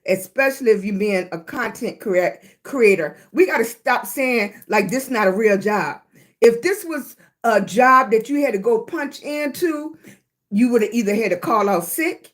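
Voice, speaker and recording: High-voiced woman live-streaming after illness. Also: fairly bright tone. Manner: chatty, greets viewers, drawn-out emphatic talk. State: recovering from illness, congested. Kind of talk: casual live-stream chat.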